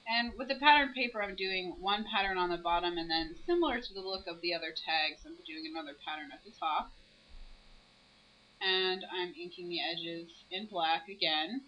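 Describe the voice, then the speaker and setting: Bright-voiced woman narrating a craft video. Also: lowish voice, moderate pace, lo-fi sound. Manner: explains each step as she works. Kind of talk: step-by-step craft voice-over.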